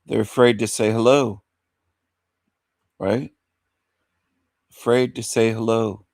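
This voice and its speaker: Slow gravelly guy on a live stream, close dry mic, keeps saying hello to quiet viewers. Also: on the low side, fairly even intonation, no echo. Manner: repeats greetings, coaxing silent viewers. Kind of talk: casual live stream chat. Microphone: desk mic.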